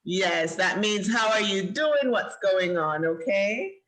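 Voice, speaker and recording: Bright-voiced woman hosting a live show. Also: medium pitch, animated, slow pace, low-quality recording. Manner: encouraging, chatty. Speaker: host of a kids' show. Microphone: video call.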